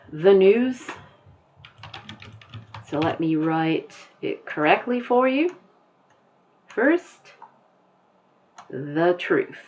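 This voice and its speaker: A woman teacher talks her class through a poem at an unhurried pace, restating points and spelling words out. Her voice sits a little low. The recording sounds slightly dull and muffled. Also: a little hiss or hum. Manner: slow, explanatory, repeats and rephrases.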